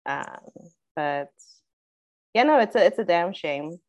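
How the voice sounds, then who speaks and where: A woman co-hosting a casual panel podcast, measured and often breaking into laughter. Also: lowish voice, lively intonation, lo-fi sound. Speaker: podcast co-host.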